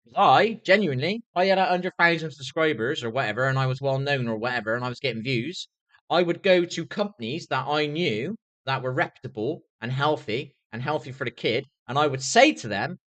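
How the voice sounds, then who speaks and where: A man's voice: medium pitch, brisk, a bit bright. A young man livestreaming an angry, swear-filled rant, often asking "do you know what I mean". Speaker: streamer.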